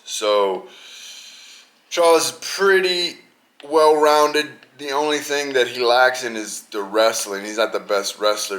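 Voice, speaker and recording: A young man hosting a podcast, talking casually and rambling in an animated, slangy way about an upcoming fight card. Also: fairly low pitch. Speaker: podcast host. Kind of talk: casual sports chat.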